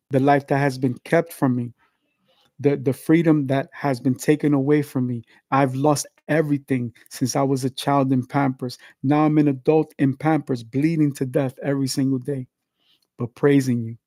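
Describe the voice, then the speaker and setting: Man, mid pitch, warm low-key tone, leading a pleading livestream prayer. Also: dry recording. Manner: earnest, pleading, repetitive litanies. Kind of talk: spoken public prayer.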